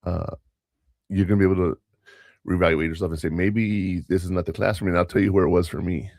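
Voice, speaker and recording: Gruff radio host, very low voice, dry close sound, talks straight and lectures. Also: male voice, steady tone, quick pace, a little mellow, no echo. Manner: blunt, lecturing, plain-spoken. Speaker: podcast host. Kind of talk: casual radio talk.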